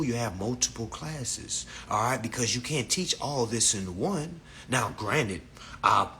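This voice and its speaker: Man, live stream teacher, bright forceful voice, blunt and profane. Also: slight background noise. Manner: profane, blunt, lecturing, animated swings in pitch. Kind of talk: casual live stream lecture.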